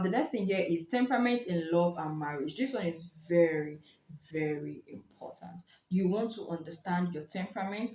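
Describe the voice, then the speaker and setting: A woman giving a casual spoken book review, explaining in a lively way and acting out short reactions. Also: lowish voice. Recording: roomy echo.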